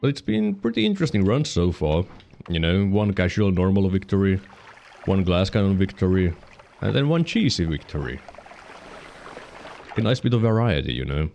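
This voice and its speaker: A man's voice: deep voice, big pitch swings, normal speed, gravelly, pauses often, a little mellow, slight background noise. A man with a Finnish accent giving casual gameplay commentary while streaming, rambling and correcting himself as he explains mechanics, hiccuping now and then. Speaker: game streamer.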